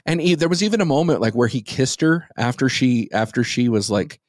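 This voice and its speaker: A man's voice: medium pitch, expressive, brisk, dry recording, clean studio sound. A man in his thirties co-hosting a podcast, ranting in an exasperated, profane way. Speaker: podcast co-host. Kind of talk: casual podcast chat.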